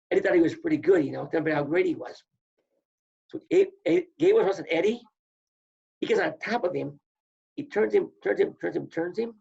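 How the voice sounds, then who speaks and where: Older guy, gravelly voice, spins stories and does everyone's lines, muffled lo-fi audio. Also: high-pitched. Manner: animated storyteller, acts out quotes. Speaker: podcast guest, former wrestler. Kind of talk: casual storytelling. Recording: dull lo-fi audio.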